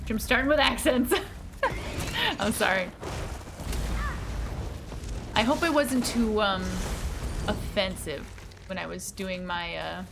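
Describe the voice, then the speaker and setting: A woman's voice: medium pitch, creaky, a bit bright, a little hiss or hum. A woman streaming a game, chatting casually with her viewers in a bubbly, giggly manner. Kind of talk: casual live-stream chat while gaming.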